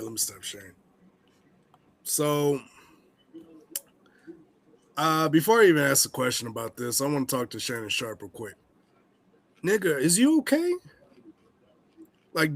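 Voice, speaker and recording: A young man co-hosting a comedy podcast, ranting in a heated, profane and animated way. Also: fairly high pitch, no echo. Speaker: podcast co-host. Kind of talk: casual comedic rant.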